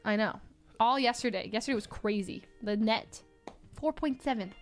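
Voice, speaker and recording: A woman telling a story in casual chat, dramatic and quick to laugh. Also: fairly high pitch, soft background music. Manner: animated, dramatic, laughs often. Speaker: streamer.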